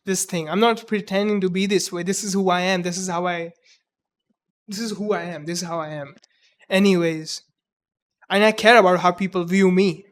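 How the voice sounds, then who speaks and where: A man in his twenties with a mixed Indian English accent, talking earnestly and haltingly in a personal reflective monologue, often restarting his words. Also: high-pitched. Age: 20s. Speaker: vlogger.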